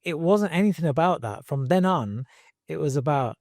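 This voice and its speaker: A man's voice: fairly high pitch, expressive, moderate pace, no echo, clean studio sound. A middle-aged man, a boxing trainer, telling his story earnestly in an interview, restarting and repeating himself, with casual slang. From Britain.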